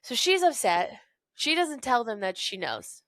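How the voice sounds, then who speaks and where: A woman's voice: on the high side, a little slow, no room sound. Laughing woman retelling a story. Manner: animated retelling with acted-out quotes and laughter. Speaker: podcast co-host. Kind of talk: casual book-discussion chat.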